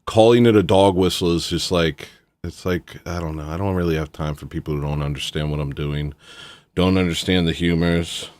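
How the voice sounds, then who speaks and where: A man with a low voice hosts a livestream. He talks in a loose, rambling, sarcastic way and brushes off his critics. His voice sounds dry and close. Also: steady tone, normal speed, a little mellow, dry recording. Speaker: livestream host. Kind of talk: casual livestream rant.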